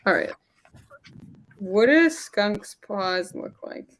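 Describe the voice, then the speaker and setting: A woman's voice: mid-range voice, animated, slow pace. Playful woman chatting on a stream. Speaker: co-host. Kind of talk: casual livestream chat.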